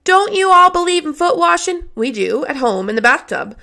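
Feisty young girl, high and eager, read by a woman; gravelly edge, bright tone. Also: very animated, moderate pace, heavily acted. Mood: curious. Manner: high, eager, insistent questioning. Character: spirited young girl, quick to argue.

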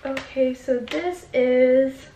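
Unhurried chatty woman vlogger at home, gushing, echoey room with faint hiss. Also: high-pitched, mellow. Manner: gushing, chatty, lots of fillers. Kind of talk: casual unboxing chat. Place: her home.

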